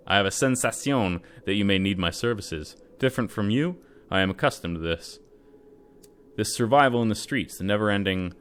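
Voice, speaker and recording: A man reading video game dialogue aloud as a sly, smooth-talking male Cuban mercenary with a put-on Spanish accent. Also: on the low side, lightly acted.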